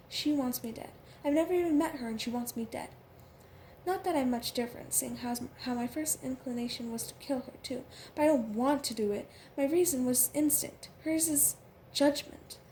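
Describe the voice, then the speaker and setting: A woman narrates a novel in the first person, stumbling often over fillers and restarts. Her voice sits high. A faint hiss runs beneath the reading. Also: dark tone. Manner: halting, with frequent fillers and restarts. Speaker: audiobook reader.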